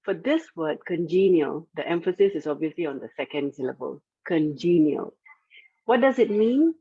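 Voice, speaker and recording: A woman's voice: fairly low pitch, very animated, fairly quick, mellow, dry recording. A woman presenting the word of the day at an online club meeting, carefully explaining how a word is pronounced. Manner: clear, careful explaining of pronunciation. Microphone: video call. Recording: dry, phone-like online call audio.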